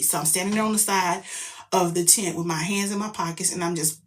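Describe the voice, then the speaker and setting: A middle-aged woman, a mother, telling a story in casual chat, animated and profane, jumping into loud quoted outbursts. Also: mid-range voice, fairly quick, slight background noise.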